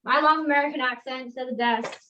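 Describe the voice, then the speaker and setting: A woman's voice: high-pitched, fairly quick, muffled recording, background noise. Chatty Australian woman teaching braids. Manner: chatty and animated, demonstrating on a mannequin. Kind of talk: casual hair braiding tutorial on a video call.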